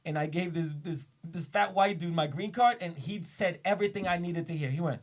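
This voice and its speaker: A man from the Dominican Republic hosting a casual podcast chat, telling animated stories and acting out quotes. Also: on the high side, a little fast, hardly any pauses. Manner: animated storyteller, acts out quotes. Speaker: podcast host. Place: studio with cameras.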